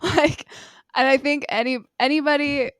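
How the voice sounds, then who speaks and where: A woman's voice: high-pitched, steady tone, moderate pace, fairly bright tone, dry recording. A woman hosting a podcast, supportive and outspoken in casual chat. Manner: supportive, with frequent "mm-hmm", outspoken and blunt. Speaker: podcast host.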